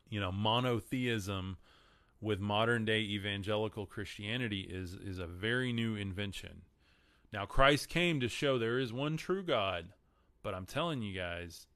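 A man's voice: on the low side, bright, forceful tone, no echo. A man with a Texan accent hosting a live stream, chatting casually about the Bible and answering viewer comments. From Texas. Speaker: podcast host.

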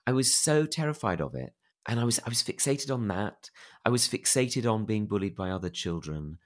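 A man's voice: on the low side, big pitch swings, normal speed. A man with a plummy, posh English accent, candidly telling personal stories as an interview guest, self-deprecating, with lots of fillers and restarts. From England.

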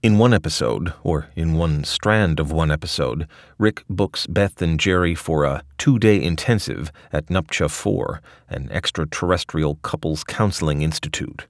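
A man's voice: a bass voice, normal speed, no room sound, clean studio sound. A man narrating a scripted audio essay with a wry, ornate delivery.

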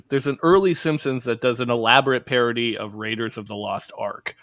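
A man guesting on a podcast, telling stories in an animated, rambling way. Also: mid-range voice, dry recording, clean studio sound. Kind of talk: casual podcast chat.

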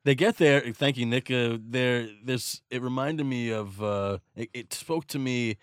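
A man's voice: mid-range voice, measured pace, smooth, no room sound, clean studio sound. A man hosting a casual chat about a film, joking and cutting in to steer the talk. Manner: jokey, interrupting, steers the talk. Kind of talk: casual movie discussion.

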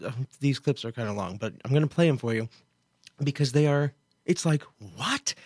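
Man, from Kansas, show host, casual commentary, chatty, incredulous, mid pitch, dry sound. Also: a little fast, a little mellow, no room sound. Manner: chatty, incredulous, frequent asides.

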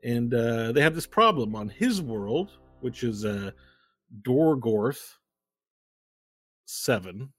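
A smooth, oily male crime boss from hell , voiced by a man, all false apology and veiled threat. He talks in halting, restarting phrases with a husky edge, in a tabletop role-playing game. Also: mid-range voice, expressive, fairly bright tone, no room sound, soft background music.

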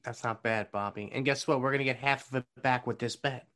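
A man's voice: mid-range voice, steady tone, a little fast, fairly bright tone. A man co-hosting a podcast, bragging with over-the-top confidence in casual comedic banter. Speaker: podcast co-host.

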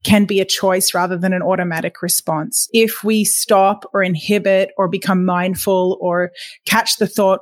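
A woman voice coach explaining in an interview, calm and explanatory, sometimes demonstrating sounds. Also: medium pitch, no echo.

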